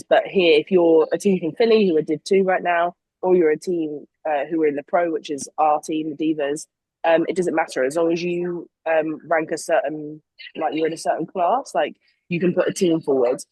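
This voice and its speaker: A woman's voice: deep voice, fairly even intonation, moderate pace, darkish tone, husky, dry recording, rough recording. A young woman, co-hosting a casual sports podcast and telling stories with lots of fillers and apologies. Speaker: podcast co-host and flag football player. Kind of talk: casual chat.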